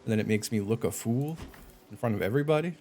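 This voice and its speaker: A man's voice: fairly low pitch, fast, a little hiss or hum. A man streaming a game live, chatting casually with viewers, swearing and getting exasperated. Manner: animated, swearing, exasperated outbursts.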